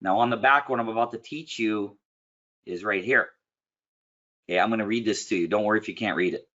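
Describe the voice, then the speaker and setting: Blunt, bright-voiced male coach. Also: lowish voice, a little fast, muffled recording. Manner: blunt, animated, clears his throat often. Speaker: business coach. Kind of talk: casual one-on-one coaching session.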